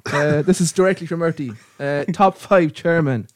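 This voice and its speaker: An Irish man hosting a casual podcast with friends, animated and quick to act out stories. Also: a little high, no room sound, studio quality. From Ireland. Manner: animated storyteller, acts out quotes. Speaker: podcast host. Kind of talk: casual banter among friends. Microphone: studio mic.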